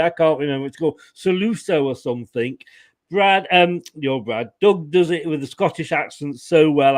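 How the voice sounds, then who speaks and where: A man's voice: fairly high pitch, no echo. A man hosting a casual fan-channel chat, rambling and joking, often correcting himself mid-sentence. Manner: rambling, self-correcting, jokey. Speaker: fan channel show host.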